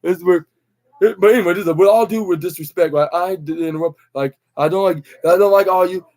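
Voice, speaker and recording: Young male podcast host, slightly high voice, loose rambling recap delivery with lots of fillers. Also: fast talker, darkish tone. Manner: rambling, many fillers and restarts, acts out quotes. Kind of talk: casual wrestling recap.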